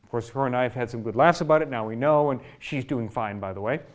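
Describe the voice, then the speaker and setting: A male chiropractor talks through a health lesson from his office. His delivery is relaxed and conversational, with examples and frequent check-ins like "right?" and "okay?". His voice sits at an ordinary middle pitch for a man. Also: fast talker. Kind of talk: educational health talk to camera.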